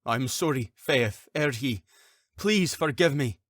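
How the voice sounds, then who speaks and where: A man's voice: mid-range voice, lively intonation, slow, fairly bright tone, dry recording, studio quality, voice pushed up. A man voicing a guilt-ridden, resigned husband and father who speaks in a remorseful, subdued way. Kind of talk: audiobook character voice.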